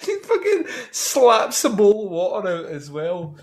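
A man's voice: high-pitched, wildly swooping pitch, unhurried. A man co-hosting a podcast, chiming in with jokes and laughing often. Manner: laughs often, chimes in with jokes and crude asides. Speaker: podcast co-host. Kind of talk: casual chat.

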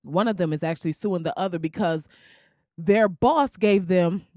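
A woman podcast host with a lower voice talks at normal speed in a casual comedic monologue. She's loud, slangy, animated and keeps laughing. The audio is studio quality without echo, captured on a crackly podcast microphone.

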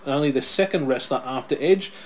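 Chatty guy hosting a watch-along, reads off facts, storytelling, mid pitch. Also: brisk, slight background noise. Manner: chatty, reads out wrestler facts, tells stories. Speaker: podcast co-host. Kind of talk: casual watch-along chat.

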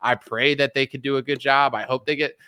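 A young man talks through politics in a loose, rambling way, often breaking into laughter. His voice is bright and crisp. The recording is dry and close. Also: medium pitch, fairly even intonation, brisk, no room sound. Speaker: host. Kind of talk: casual political commentary chat.

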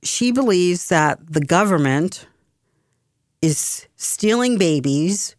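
Slow, low-pitched exasperated woman commentator. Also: lively intonation, dry recording, studio quality. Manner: emphatic, exasperated, with frequent restarts. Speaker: political commentator. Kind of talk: political commentary monologue.

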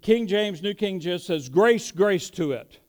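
A man's voice: high voice, animated, unhurried. A man preaching a sermon, asking rhetorical questions and building emphasis as he teaches. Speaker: pastor.

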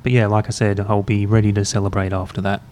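A man hosting a podcast, chatting in a relaxed, rambling, self-mocking way while drinking beer. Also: lowish voice, fast talker, slight background noise. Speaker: podcast host. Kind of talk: casual chat. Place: university room, drinking beer.

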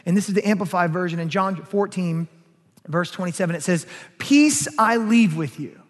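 A man's voice: high voice, moderate pace. A man preaching a sermon as pastor, emphatic, rising and falling in force. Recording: long hall reverb.

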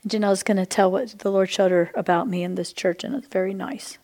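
A woman preaching a charismatic sermon, testifying with passion and swinging between hushed and loud delivery. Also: mid-range voice, steady tone, brisk.

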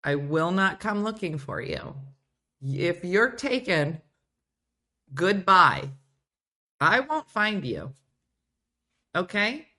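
Her pitch sits fairly low and her tone is bright and forceful, with a sing-song lilt, a slow pace and frequent pauses. This middle-aged show host giggles and chats through viewer comments on a casual live stream, breaking into playful put-on voices now and then.

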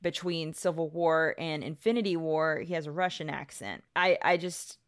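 A woman with a low, smooth voice speaks at normal speed as co-host of a casual podcast discussion. She argues her point firmly and restarts her sentences often.

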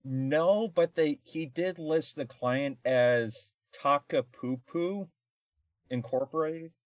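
A man's voice: a little high, slow, dry recording. Podcast co-host, male, sarcastic and rambling, lo-fi dry recording. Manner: rambling, sarcastic, many fillers. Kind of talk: casual comedic film review chat.

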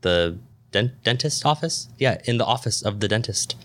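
Tipsy, loud podcast co-host man. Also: on the low side, moderate pace. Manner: loud, excitable and swearing. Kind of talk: casual drinking banter.

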